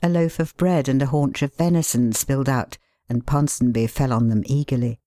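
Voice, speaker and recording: A woman narrating a story in a calm, measured way. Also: extremely low pitch, no room sound, studio quality.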